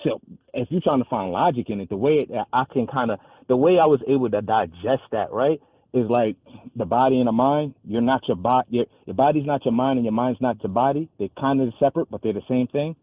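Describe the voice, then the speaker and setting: A man hosting a call-in show, arguing casually and slowing down to quote scripture. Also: medium pitch, no echo. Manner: argumentative, halting, restarts and slows to quote scripture. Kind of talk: casual debate. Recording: husky voice over a tinny phone-like line.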